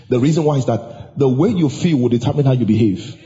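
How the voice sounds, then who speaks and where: A man preaching a sermon as pastor, emphatic and now and then shouting or singing out lines. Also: mid-range voice, animated, a little fast, hardly any pauses. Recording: dull sound with long hall reverb.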